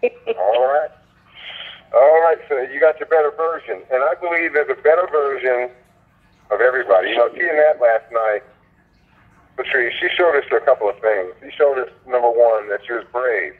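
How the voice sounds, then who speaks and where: A man's voice: medium pitch, moderate pace. A man hosting a conference call, speaking in a fervent, preacher-like way and repeating his points for emphasis. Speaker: host of a sales conference call. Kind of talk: motivational preaching. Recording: phone line.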